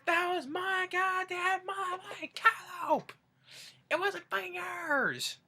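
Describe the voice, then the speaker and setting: Cast: a young man impersonating a raging old grandpa, high screechy hollering, sharp tone. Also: expressive, fairly quick. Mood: screaming rage. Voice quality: screechy, high strained yelling. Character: furious old grandpa, shrieking and cursing.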